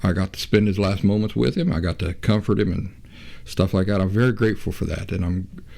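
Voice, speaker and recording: A man hosting his own show, talking in a reflective, unhurried way with frequent restarts and pauses. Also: low-pitched, gravelly, darkish tone. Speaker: podcast host. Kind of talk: reflective casual talk.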